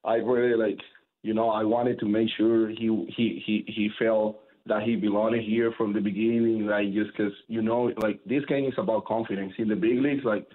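A man whose first language is Spanish, talking baseball in a casual interview. His voice sits on the low side and comes through a thin, phone-like line. He talks with energy and rambles, with fillers and restarts. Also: level tone, normal speed. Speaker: baseball pitcher, interview guest.

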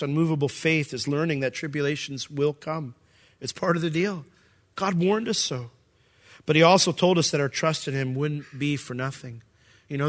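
A man preaching a sermon as pastor, reading scripture and acting out the quoted voices with big jumps in pitch. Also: a bit bright.

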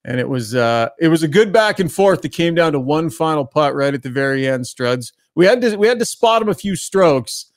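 A man's voice: a little high, lively intonation, normal speed, hardly any pauses, dry recording, clean studio sound. A man hosting a sports talk show, teasing his co-hosts in casual chat. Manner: teasing, playful. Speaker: host.

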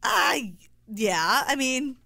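A woman co-hosting a podcast in casual chat, telling animated stories with lots of agreeing fillers. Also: high-pitched, extremely slow, gravelly, no room sound, clean studio sound. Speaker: podcast co-host.

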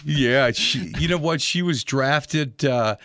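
Playful older co-host, teasing banter. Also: male voice, medium pitch, slow. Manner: playful ribbing, animated storytelling. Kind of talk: joking talk show banter.

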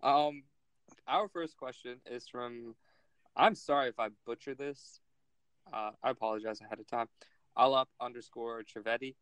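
A man's voice: mid-range voice, fairly even intonation, normal speed, fairly bright tone, clean tone, no echo, low-quality recording. A man hosting a casual sports podcast, joking and teasing as he reads fan questions. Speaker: podcast host.

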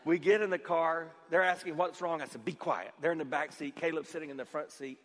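Male pastor, slightly high voice, storytelling sermon with long hall echo. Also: fairly even intonation, fast talker. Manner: storytelling with acted-out dialogue, swinging from loud to quiet.

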